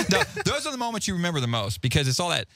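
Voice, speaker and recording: A man in his forties hosting a casual talk show, telling a rambling, animated story full of side trails. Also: high-pitched, racing, no echo. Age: 40s. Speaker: host. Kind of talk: casual podcast chat.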